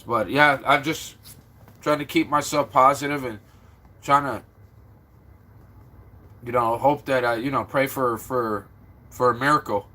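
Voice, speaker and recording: A man's voice: steady tone, unhurried, pauses often, bright, forceful tone. A stressed man from Florida rambling casually to his livestream viewers. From Florida, USA. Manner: rambling, talks to viewers, turns low and subdued.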